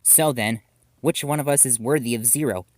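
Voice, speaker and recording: A man voicing a theatrical teenage girl who acts as a dark wizard, speaking in grandiose declarations. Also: medium pitch, moderate pace, dry recording, clean studio sound, natural voice.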